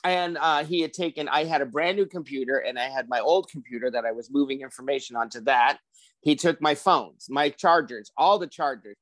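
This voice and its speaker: A man around sixty hosting a casual podcast chat, telling a long personal story in an animated way and acting out what other people said. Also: medium pitch, a little fast, dry recording. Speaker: podcast host.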